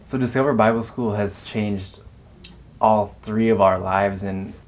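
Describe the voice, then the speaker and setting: Young man, monotone, sincere testimony, faint background noise. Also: lowish voice, a little slow, rough recording. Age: young adult. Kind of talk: testimony interview.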